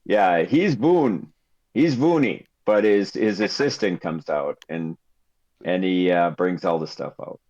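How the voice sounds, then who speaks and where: Unhurried man running a tabletop game. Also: low-pitched, expressive, darkish tone, no echo. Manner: unhurried, full of fillers and restarts as he describes the scene. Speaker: game master. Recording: slightly dull lo-fi audio.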